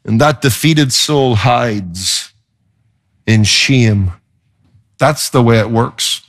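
A male pastor preaching a sermon in an expressive, emphatic way, often swinging his pitch for effect. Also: extremely slow.

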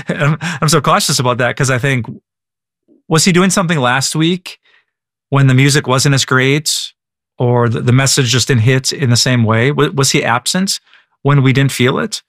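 A man's voice: medium pitch, normal speed, fairly bright tone, no room sound, clean studio sound. A male pastor who prays and then answers a listener's question in a casual way, often stumbling and restarting his words. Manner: casual, many stammered restarts and repeated words.

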